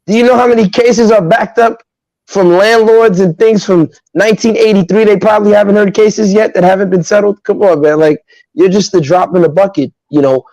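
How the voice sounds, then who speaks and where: A man from Nigeria, a guest on a podcast livestream, telling stories in an animated, emphatic way with lots of asides. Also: high-pitched, brisk, vocal fry, no echo, muffled recording. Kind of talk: casual podcast chat.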